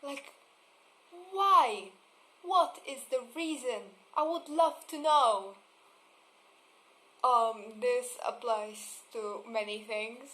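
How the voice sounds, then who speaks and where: A young woman talks to camera in a loose, rambling rant, swearing and laughing at her own complaints. Her voice sits a little high and she speaks slowly. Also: fairly bright tone, rough recording. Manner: swearing, laughing, exasperated asides; mocks voices with exaggerated vocal fry. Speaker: vlogger. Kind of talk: casual ranting monologue.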